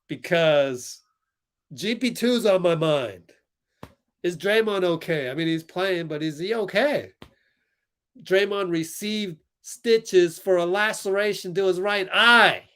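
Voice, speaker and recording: A man's voice: on the high side, a bit bright. A young man hosting a live basketball watch-along stream, talking in a heated, exasperated way with frequent laughs and sighs. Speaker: livestream host.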